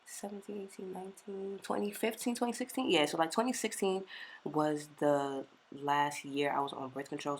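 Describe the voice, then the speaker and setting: A woman's voice: deep voice, gravelly. A woman, hosting a casual solo podcast chat in a candid, slangy way. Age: 20s. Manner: candid, slangy and chatty, swears freely. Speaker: podcast host.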